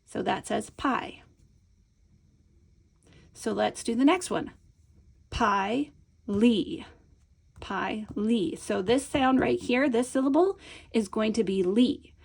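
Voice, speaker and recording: Woman, middle-aged, gravelly and slightly high, patient instructional delivery, stretches out sounds when modeling them. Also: a little slow, long pauses, a little mellow. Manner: patient, explanatory, frequent "right?" check-ins. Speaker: teacher trainer. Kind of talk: instructional video lesson.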